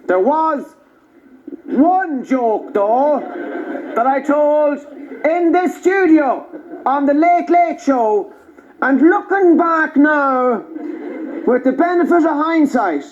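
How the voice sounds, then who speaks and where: An Irish man doing stand-up, telling a story in a wry, deadpan way with slow punchlines. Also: very high voice. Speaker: stand-up comedian. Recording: dull live audience recording. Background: audience laughter.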